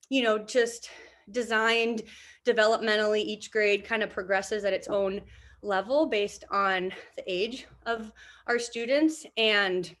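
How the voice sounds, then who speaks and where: A woman's voice: on the high side, fairly bright tone. Upbeat woman teacher on a video call. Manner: upbeat, encouraging, giggly, lots of fillers. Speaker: PE and health teacher.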